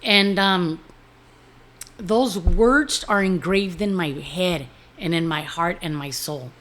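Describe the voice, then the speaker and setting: A woman's voice: lowish voice, takes it slowly, fairly bright tone. A middle-aged woman telling a personal story in an interview, candid and earnest, swearing casually and dropping in Spanish words.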